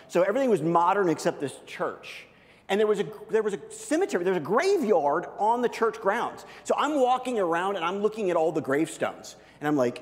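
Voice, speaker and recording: A man in his thirties preaching a sermon, telling a personal story with lively, animated voice jumps. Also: high-pitched. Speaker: pastor. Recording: long hall reverb.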